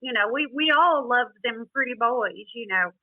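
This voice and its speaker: A woman from Texas, a book author appearing on a podcast, tells backstage stories in a casual, chatty interview, laughing often and saying "you know" a lot. Her voice is on the high side with lively intonation at a moderate pace, recorded dry with lo-fi sound.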